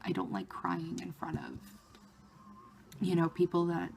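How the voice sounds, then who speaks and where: A woman vlogger telling a story in a casual, excited way, with lots of "like" fillers. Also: lowish voice, measured pace, vocal fry, slight background noise. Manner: excited retelling of a fan encounter, many "like" fillers.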